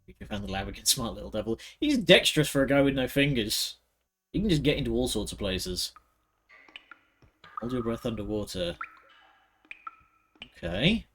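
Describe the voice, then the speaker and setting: A man's voice: mid-range voice, very animated, moderate pace, pauses often, a bit bright. A man streaming a video game, giving offhand, joking commentary. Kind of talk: casual gameplay commentary. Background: game music.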